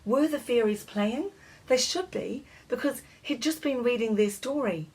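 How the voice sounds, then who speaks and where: A woman narrating a children's storybook in a measured, expressive reading voice. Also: on the high side, husky, poor audio.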